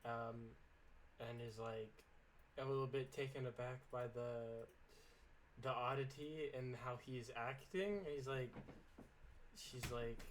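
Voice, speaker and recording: A man playing a tabletop game, narrating his character quietly and loosely. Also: mid-range voice, slow pace, long pauses, a little hiss or hum, low-quality recording. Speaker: player.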